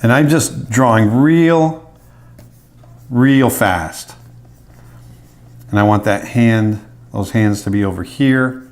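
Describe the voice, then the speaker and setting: A middle-aged male animator with a mid-range voice speaks slowly and pauses often. He narrates a drawing tutorial casually, thinking aloud as he sketches.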